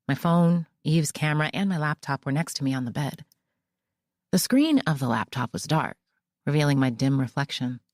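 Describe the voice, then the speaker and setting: A woman narrating a mystery audiobook in the first person, with measured storytelling. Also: low-pitched, vocal fry, no room sound, clean studio sound.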